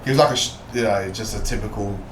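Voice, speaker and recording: A British man, a fighter and podcast guest, tells a street story with lively energy, swearing freely and acting out what people said. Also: on the low side, fast talker, noisy background. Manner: swears freely, acts out quotes. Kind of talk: animated storytelling. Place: podcast studio. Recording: roomy echo.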